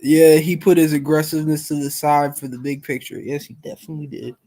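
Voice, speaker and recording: A young man hosting a live stream, chatting casually with viewers in a relaxed, rambling way full of fillers. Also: a little high, fairly quick. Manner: laid-back, rambling, many fillers.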